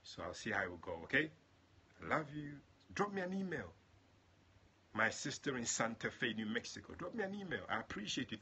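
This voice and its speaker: Bright-voiced male pastor chatting with viewers. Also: sing-song, brisk, slight background noise. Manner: chatty and affectionate, greets viewers by name, jumps to high exclamations. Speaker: prophet and pastor. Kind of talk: livestream prayer and chat with viewers.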